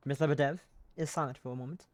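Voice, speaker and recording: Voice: mid-range voice, fairly even intonation, quick pace, darkish tone, dry recording. Casual live streamer narrating a game, self-mocking and profane. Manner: swears freely, laughs at own slips. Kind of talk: reading a visual novel aloud on stream.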